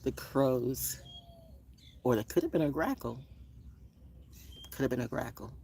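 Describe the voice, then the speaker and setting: A woman's voice: extremely low pitch, expressive, a little slow, vocal fry, warm tone, husky. A woman vlogging on a morning nature walk, playfully musing aloud about birds and astrology, recorded outdoors on a handheld phone. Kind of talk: casual rambling morning talk on a nature walk. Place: outdoors in a front yard. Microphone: phone held in hand.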